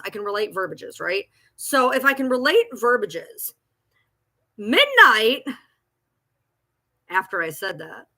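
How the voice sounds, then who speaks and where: Sharp-toned and on the high side, a woman vents on a livestream from home. The TikTok creator is agitated and profane, circling back over her words as she responds to critics.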